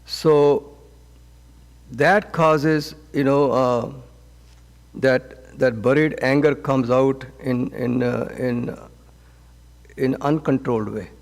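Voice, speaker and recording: A man as a swami teaching a scripture class, speaking gently and haltingly with frequent restarts and repeated words. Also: mid-range voice, fairly even intonation. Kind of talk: spoken scripture class with counseling advice. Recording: long reverb of a hall.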